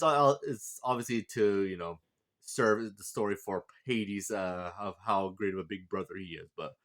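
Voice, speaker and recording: A man's voice: fairly low pitch, a bit bright. Rambling man recapping an anime. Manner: rambling, heavy on fillers and restarts. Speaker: anime reviewer. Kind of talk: casual plot recap and character review.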